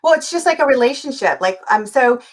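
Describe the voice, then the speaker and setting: Energetic woman life coach, higher voice. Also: a little fast. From California. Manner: energetic, acts out scenes in quoted voices. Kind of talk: animated interview talk.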